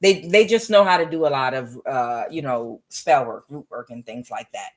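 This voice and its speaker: A woman's voice: extremely low pitch, moderate pace. A woman giving a casual spoken tarot reading in a meandering, conversational way, often drifting into chatty asides. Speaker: tarot reader.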